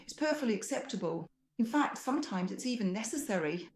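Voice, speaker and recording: A woman's voice: a little high, lively intonation, brisk, darkish tone. Patient woman explaining piano technique. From Russia. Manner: patient, illustrative, sings phrases along. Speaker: piano teacher. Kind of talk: explanatory music lesson. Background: faint piano playing.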